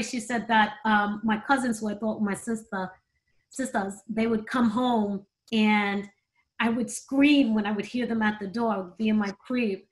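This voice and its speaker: A woman's voice: medium pitch, low-quality recording. Heartfelt middle-aged woman telling her story. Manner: emotional, heartfelt, conversational. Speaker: guest, performer. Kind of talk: candid interview storytelling.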